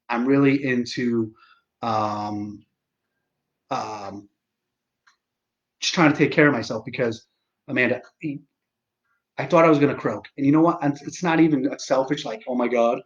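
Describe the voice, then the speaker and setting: A man in his forties talks casually to a livestream audience, sarcastic and quick to swear, stumbling through fillers and restarts. His voice sits at an ordinary pitch for a man. The sound is dull and lo-fi. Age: 40s. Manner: sarcastic, profane, halting with many fillers. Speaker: livestream host.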